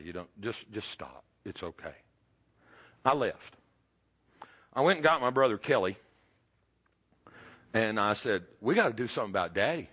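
Man, preacher, low voice, folksy sermon, loud then hushed. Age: 50s or older. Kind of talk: sermon storytelling.

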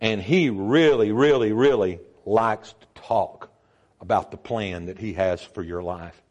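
An older man preaching a sermon as pastor, emphatic, with sudden jumps in pitch and volume. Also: a little slow, darkish tone, lo-fi sound.

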